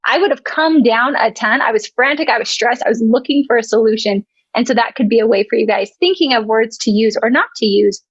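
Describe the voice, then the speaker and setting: A woman's voice: a little high, a little fast, husky, dry recording, lo-fi sound. A woman coach telling a frank, self-mocking story in a casual workshop chat. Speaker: dental practice coach.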